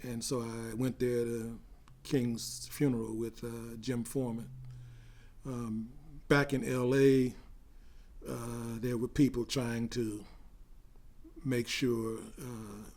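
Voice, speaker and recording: An older man recounting memories in an oral history interview, growing animated as he tells a story. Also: mid-range voice, takes it slowly.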